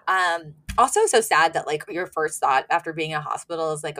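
A woman's voice: low voice, a little fast, bright, forceful tone. A woman co-hosting a podcast, chatting casually through an episode recap, laughing often and acting out the characters' lines. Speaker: podcast co-host.

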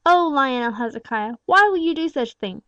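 A woman's voice: high-pitched, expressive, fast, no room sound, highs cut off, voice pushed up. A woman voicing a timid, tender-hearted woman in an audiobook, pleading and faltering. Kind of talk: audiobook character reading.

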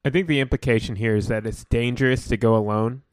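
A man's voice: medium pitch, steady tone, fast, no room sound. A man on a casual game podcast making wry, understated remarks. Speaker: podcast co-host.

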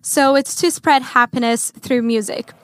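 A woman's voice: a little high, steady tone, a little slow, fairly bright tone, no room sound. A young woman singer from Brazil with a Brazilian Portuguese accent, chatting cheerfully in an interview about her music. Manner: upbeat, cheerful, laughs often. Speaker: guest singer. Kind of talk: casual interview chat.

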